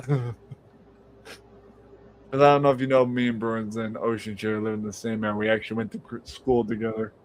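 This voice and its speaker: Man telling an animated story. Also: a little fast, long pauses, slight background noise. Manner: animated, acts out quotes in a high mocking voice, swears freely. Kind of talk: casual storytelling chat. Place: home. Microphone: streaming call.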